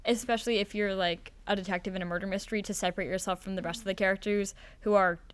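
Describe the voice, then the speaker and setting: A teenage girl speaks in a smooth, clear voice at a middle pitch. She answers questions thoughtfully and chattily, pausing now and then with small fillers. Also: fairly even intonation. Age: teens. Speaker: student actor, interview guest. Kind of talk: casual chat on a school podcast.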